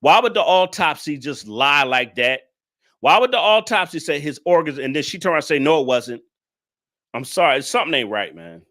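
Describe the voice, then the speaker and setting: A man's voice: a little high, sing-song, a little fast, bright, forceful tone. A man hosting a casual reaction commentary, exasperated and emphatic, talking straight to his viewers. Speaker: channel host reacting to a clip.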